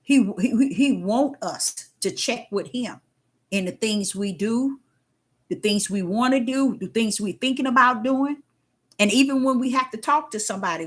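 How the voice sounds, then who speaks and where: An older woman giving a casual spiritual testimony, folksy and emphatic, repeating herself and swinging between loud and hushed. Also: fairly high pitch, moderate pace, breathy edge. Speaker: faith talk host.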